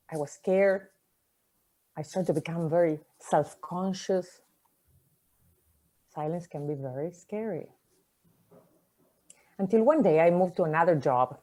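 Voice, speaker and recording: A woman whose first language is not English, giving a personal talk, reflective and conversational, with pauses and soft endings. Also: on the low side. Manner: conversational fillers like "like" and "you know".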